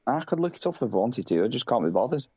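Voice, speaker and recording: A man's voice: medium pitch, very animated, fast, dark tone, husky, dry recording, lo-fi sound. Sweary British man, chatty. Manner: swears a lot, rambling, laughs easily. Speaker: podcast co-host. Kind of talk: casual chat.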